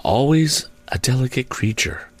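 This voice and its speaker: A man voicing the Ghost, a calm, gentle spirit, in a higher, measured and otherworldly voice. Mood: solemn.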